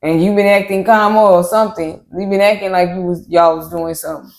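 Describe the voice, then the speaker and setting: A woman's voice: on the low side, fairly even intonation, fairly quick, gravelly, darkish tone. A woman co-hosting a reaction show, animatedly retelling scenes and quoting the people in them. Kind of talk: casual reaction recap chat. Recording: roomy echo.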